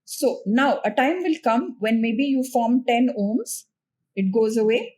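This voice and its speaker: A woman with an Indian English accent, a spiritual teacher and podcast guest, explaining practice patiently and slowing down gently when giving instructions. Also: a little high, breathy edge. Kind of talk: calm explanatory conversation.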